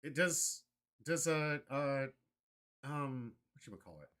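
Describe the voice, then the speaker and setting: A man hosting a casual card-game livestream, excitable and prone to loud mock rants. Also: medium pitch, slow pace, clear, resonant tone. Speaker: livestream host.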